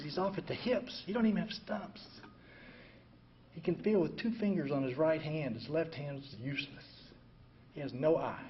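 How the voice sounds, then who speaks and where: An older man telling his own recovery story in an emotional way, going from hushed to loud. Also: a little high. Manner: emotional, swings from quiet to loud and laughing. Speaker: veteran speaker sharing a recovery story. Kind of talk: personal storytelling talk. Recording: dull lo-fi recording, faint ambient noise.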